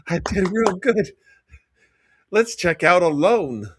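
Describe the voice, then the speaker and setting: A man's voice: high voice, animated, takes it slowly, a bit bright, slight background noise. A man co-hosting a casual chat, hesitant and restarting his sentences often. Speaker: podcast co-host.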